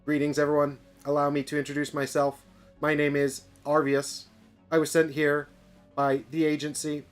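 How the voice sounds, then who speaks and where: A man voicing a calm, advanced male android explosives expert who speaks in a slow, deliberate way. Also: fairly high pitch, faint music behind, close to an everyday voice. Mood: measured.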